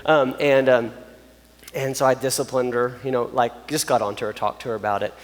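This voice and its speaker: A man, preaching a joking, animated youth sermon straight to his audience. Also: medium pitch, fairly quick. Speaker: youth pastor. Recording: long reverb of a large hall.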